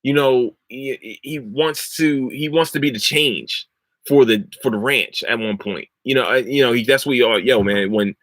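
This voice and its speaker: Talking at a normal speed in a mid-range voice, a young man hosts a casual podcast about shows, wandering off topic, cursing freely and bursting into loud laughs. There's no room sound on the recording.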